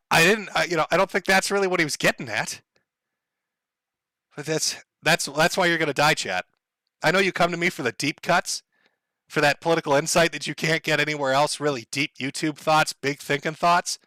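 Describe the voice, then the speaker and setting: A man's voice: fairly high pitch, bright, forceful tone, no echo. A man rambling sardonically through a casual livestream monologue, swearing freely and laughing often. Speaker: streamer.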